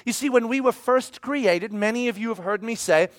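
A man in his forties preaching a sermon, telling a personal story in an animated way, with bursts of shouting when he acts out scenes. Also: extremely high pitch, moderate pace. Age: 40s. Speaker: pastor.

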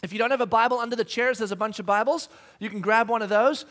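A man in his thirties delivers a sermon in a strikingly high voice. He talks conversationally, often restarting his sentences, and acts out each bit of quoted dialogue as he tells his stories. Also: fast. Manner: animated storytelling, acting out quoted dialogue. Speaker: pastor.

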